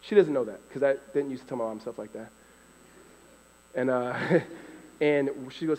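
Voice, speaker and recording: A man from California telling a live faith testimony, animated and often laughing as he acts out voices. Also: mid-range voice, normal speed, long pauses, long reverb tail, rough recording. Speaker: storyteller giving a faith testimony.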